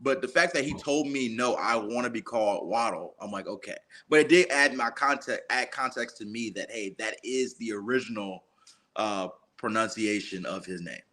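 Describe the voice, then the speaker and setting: Measured, analytical man in sports talk. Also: medium pitch, bright, forceful tone. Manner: measured, analytical, uses fillers. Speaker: sports talk co-host and reporter.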